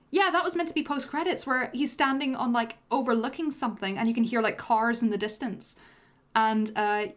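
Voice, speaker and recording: Rambling young woman streamer. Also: fairly high pitch. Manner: rambling, self-deprecating, full of fillers and laughs. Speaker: animator and streamer. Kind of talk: director's commentary on a livestream.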